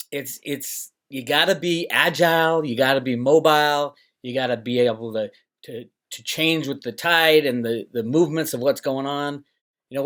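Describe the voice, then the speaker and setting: The host of his own channel, a middle-aged man at home in Northern California, mocks others in put-on voices during a casual, sarcastic monologue to camera. His voice sits at medium pitch with a fairly bright tone.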